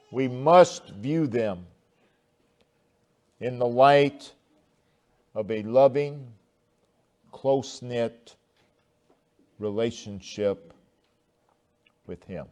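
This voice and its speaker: A man preaching a sermon, slow and deliberate, with long pauses and swelling emphasis. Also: mid-range voice, darkish tone. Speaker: pastor.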